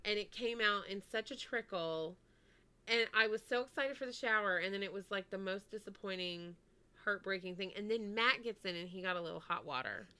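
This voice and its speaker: A woman chats through a long personal story on a podcast, with a bright, crisp and smooth voice. She keeps circling back with "anyway" and sprinkles "like" through her sentences, in an easygoing conversational manner. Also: medium pitch, fairly quick. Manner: chatty, full of "like" and "anyway". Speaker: podcast co-host. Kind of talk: casual storytelling chat.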